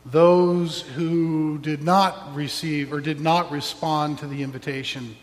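A man's voice: a little high, flat delivery, takes it slowly, in a large hall. A man preaching a sermon as pastor, reflective with wry asides.

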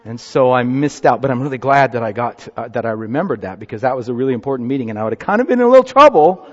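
Here the pastor sounds mid-range, expressive and rapid-fire, coaxing the congregation into a group activity during a children's sermon. It's recorded muffled in a reverberant church.

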